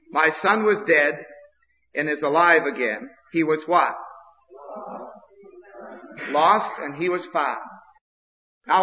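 A man from Maine, preaching a sermon in a repetitive, impassioned way that builds to outbursts. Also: a little high. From Maine, USA. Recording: dull old recording with long hall reverb.

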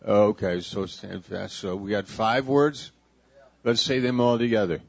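A man, a pastor leading a sermon, who slowly and playfully coaxes the congregation to repeat words after him. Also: lowish voice, steady tone, gravelly, no echo. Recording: dull lo-fi church recording.

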